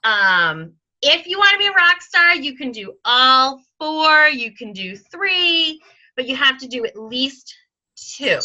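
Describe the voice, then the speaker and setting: A woman's voice: high voice, big pitch swings, slow pace, bright, forceful tone. A woman giving a casual training talk to her sales team, chatty with many ums, acting out sample conversations. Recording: dull lo-fi recording.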